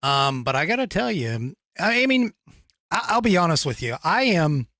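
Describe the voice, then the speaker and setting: Halting American man hosting a podcast. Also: a little high, very animated, bright, forceful tone, no echo, clean studio sound. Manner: halting, restarts, self-deprecating. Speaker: podcast host. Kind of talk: casual commentary.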